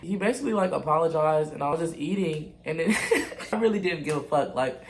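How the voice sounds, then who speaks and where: A man's voice: fairly high pitch, animated, a little fast, a little hiss or hum. A young man telling a casual storytime to his viewers, candid, blunt and full of profanity. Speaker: vlogger.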